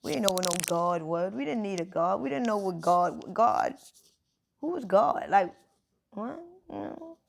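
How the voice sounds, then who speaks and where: A woman's voice: medium pitch, sing-song, moderate pace, creaky. A woman giving a casual spiritual talk, informal and emphatic, speaking straight to her listeners.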